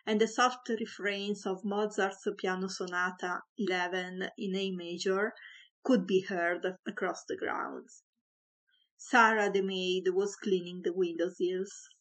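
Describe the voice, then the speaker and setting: A woman reading a comic story aloud, with a wry, mock-dramatic narration. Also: mid-range voice.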